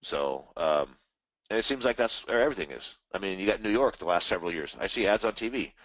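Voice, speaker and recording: Casual live-stream host, male, low voice, rambling and animated, dry close mic. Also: quick pace, no room sound, highs cut off. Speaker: trading webinar host.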